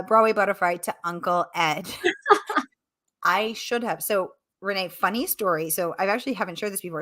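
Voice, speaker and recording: A middle-aged woman author answering questions in a casual livestream Q&A, animated and exclamatory, breaking into quick laughs. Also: mid-range voice. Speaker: author being interviewed.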